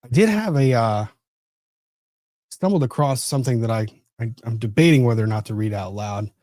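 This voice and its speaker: A man's voice: medium pitch, fairly quick, darkish tone, no echo, clean studio sound. A man hosting a casual legal commentary livestream, rambling and easily sidetracked. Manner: rambling, easily distracted, self-interrupting. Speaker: livestream host.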